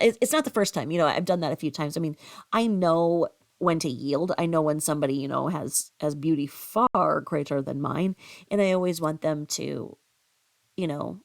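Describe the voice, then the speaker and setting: A woman's voice: moderate pace, vocal fry. Chatty middle-aged woman telling a story. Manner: chatty, rambling, with many fillers and restarts; acts out quoted voices in a higher pitch. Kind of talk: casual storytelling.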